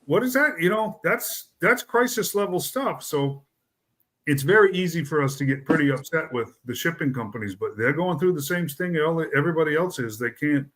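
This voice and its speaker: A man's voice: on the high side, lively intonation, normal speed, fairly bright tone. A middle-aged man, hosting a casual chat and rambling through his points with fillers and restarts.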